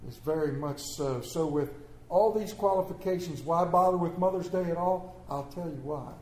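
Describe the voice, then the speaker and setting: A man's voice: on the high side, warm tone, roomy sound. A man preaching a sermon, telling stories with humor and calling for responses. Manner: storytelling with humor, call and response. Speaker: pastor.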